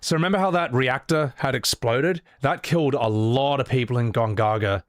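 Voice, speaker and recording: A man's voice: medium pitch, normal speed, no echo, clean studio sound. A man streaming a game and voicing its characters, chatting casually, rambling, swearing freely and joking at his own expense. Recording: loud game music behind.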